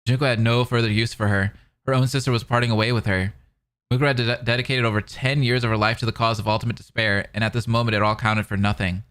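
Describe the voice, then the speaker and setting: A man's voice: medium pitch, fairly even intonation, fast, a bit bright. A young man streaming, reading a novel aloud between rambling, filler-heavy casual chat with viewers. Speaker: streamer reacting to a fan dub.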